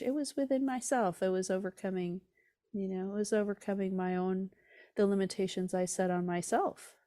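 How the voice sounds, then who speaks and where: A woman with a very low, mellow voice, speaking in an earnest, reflective way as a podcast guest. The sound is dry and close, with no room around it. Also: no echo. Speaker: author and musician guest. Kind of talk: reflective interview talk.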